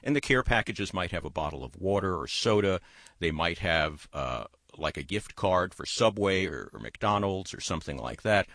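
A man's voice: sits low, lively intonation, normal speed, fairly bright tone, no room sound. A man hosting a call-in talk radio show, chatting in a loose, digressive way into a studio microphone.

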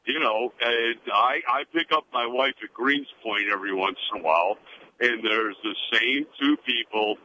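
A man from Chicago calling into a radio show, talking in a warm, rambling way with many hesitations over a phone line. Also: mid-range voice, moderate pace, a little hiss or hum. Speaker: caller. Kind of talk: phone-in call.

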